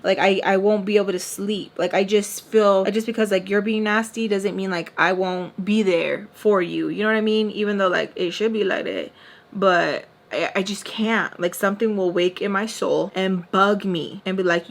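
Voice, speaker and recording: A woman vlogger telling a storytime in an animated, candid way, full of fillers and swearing. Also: medium pitch. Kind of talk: storytime vlog.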